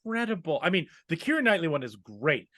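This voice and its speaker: A woman co-hosting a podcast in casual chat, relaxed and hedging as she talks. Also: low voice, quick pace. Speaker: podcast co-host.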